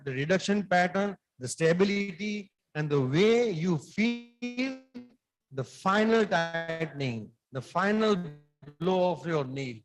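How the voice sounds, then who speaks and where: A man's voice: high-pitched, rough recording. A middle-aged man, a surgeon answering conference questions in an emphatic, lecturing way.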